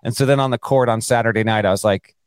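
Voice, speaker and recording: A man co-hosting a sports podcast, talking at a middle pitch and telling a long story with lively energy. He acts out quotes in casual chat. The sound is dry and close to the mic. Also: fast, clean tone, dry recording. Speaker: podcast co-host.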